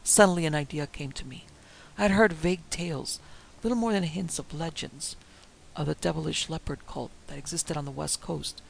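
A male narrator reads an adventure tale in a dramatic, measured way. His voice is strongly gravelly and sits a little high. Faint noise hums underneath. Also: rough recording. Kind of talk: audiobook narration.

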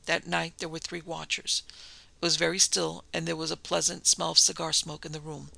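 A man reading a ghost story aloud as narrator, in a measured, dramatic manner. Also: a little high, flat delivery, creaky, bright, forceful tone, no room sound, poor audio.

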